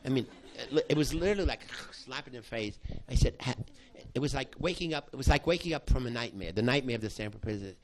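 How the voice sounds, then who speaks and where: An older man, a psychology professor, recounting a past study to an audience in halting speech full of restarts. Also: medium pitch, lively intonation, slight background noise. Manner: halting, with many restarts, acting out quoted voices. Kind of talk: spoken storytelling to an audience.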